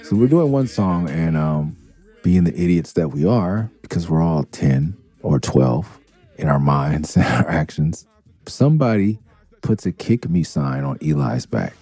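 Middle-aged male host, low and dark, spins loose laughing anecdotes. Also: a little slow, husky, no room sound, soft background music. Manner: animated, laughing, swears freely. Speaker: podcast host. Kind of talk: casual storytelling.

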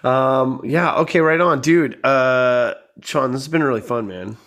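A man's voice: medium pitch, a little slow, a bit bright. A man co-hosting a comedy podcast, chatting casually and teasing with a lot of "dude". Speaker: podcast co-host. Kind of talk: casual chat.

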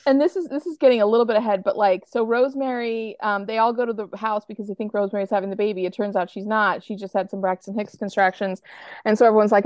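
A woman's voice: medium pitch, steady tone, fast, no echo, studio quality. An American woman co-hosting a podcast, retelling TV scenes in a chatty, rambling way full of "like" and playful quotes. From United States. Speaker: podcast co-host. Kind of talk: casual chat.

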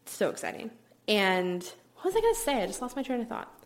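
A woman's voice: a little high, sing-song, fast talker. Upbeat chatty woman podcast host. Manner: chatty, upbeat, many "like" fillers, drops into whispers at times. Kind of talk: casual solo podcast talk.

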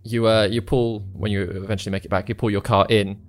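Relaxed man running a tabletop game. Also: fairly low pitch. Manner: relaxed, halting narration with fillers. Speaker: game master.

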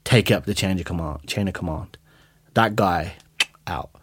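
A man chatting on a podcast, telling lively stories, swearing freely and acting out what people said. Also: deep voice, moderate pace, husky, dry recording. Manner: animated storyteller, swears freely, acts out quotes. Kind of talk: casual chat.

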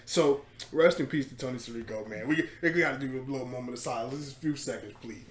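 A man hosting a podcast, retelling a story in casual chat, animated and laughing, with lots of fillers and swearing. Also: medium pitch, fast, roomy sound. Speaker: podcast host.

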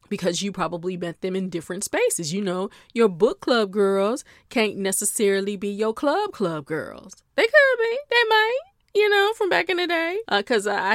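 A woman's voice: medium pitch, dry recording, studio quality. A middle-aged woman hosting a podcast in casual chat, playful and chatty, laughing often. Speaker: podcast host.

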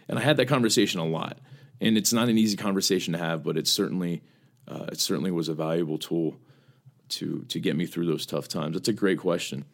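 Earnest man telling a story, lowish voice. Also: quick pace, gravelly. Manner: earnest, repeats words when starting phrases. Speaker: podcast co-host. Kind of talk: casual storytelling chat.

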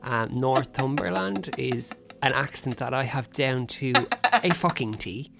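A man's voice: mid-range voice, unhurried, gravelly. Mock-indignant young male podcast co-host. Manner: mock-indignant, jokey complaining. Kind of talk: casual podcast banter.

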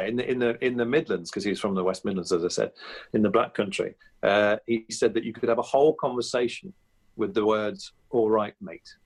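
A man speaking as a comedy guest in an interview, telling animated anecdotes with frequent restarts. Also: lowish voice. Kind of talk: conversational interview.

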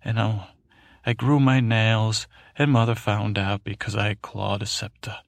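A man's voice: on the low side, little pitch movement, normal speed, vocal fry, dry recording, clean studio sound. A man voicing a timid, fearful young prince who tells a rambling, stammering bedtime story. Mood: timid, fretful. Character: timid young boy king's brother, fearful, meek. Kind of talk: bedtime story to help sleep.

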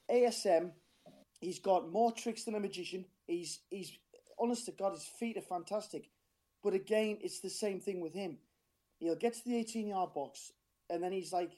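A man's voice: high-pitched, normal speed, warm tone. A man calling in as a football fan, talking in a passionate, frustrated, rambling way with a strained voice. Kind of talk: casual phone-in chat.

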